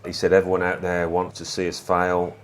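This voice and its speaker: Man, english accent, 50s, very low voice, relaxed storytelling, faint room hum. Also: fairly quick. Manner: relaxed, anecdotal, with frequent small restarts. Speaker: interview guest, former footballer. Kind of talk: reflective conversational storytelling.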